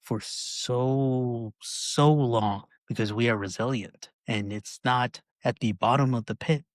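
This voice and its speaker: A man's voice: medium pitch, slow, dry recording. A man hosting a podcast, chatting casually and often checking in with "right?". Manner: conversational, frequent "right?" tags. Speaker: podcast host.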